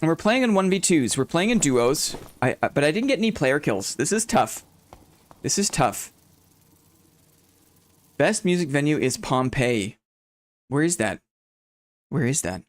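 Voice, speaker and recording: A man streaming a game live, chatting with his viewers, thinking out loud, repeating short phrases and getting jumpy and excitable during fights. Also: a little high, a little slow, pauses often. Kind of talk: live gameplay commentary.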